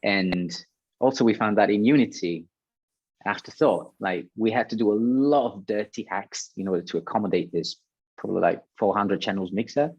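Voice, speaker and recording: A man's voice: fairly low pitch, normal speed, a little mellow, husky, dry recording, dull audio. A man, a guest sound designer, talking casually on a panel, hesitant with many fillers and restarts.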